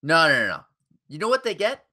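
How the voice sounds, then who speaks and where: A man's voice: a little high, wildly swooping pitch, fast talker, sharp tone. A man co-hosting a casual podcast chat, sarcastic and swearing freely. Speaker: podcast co-host.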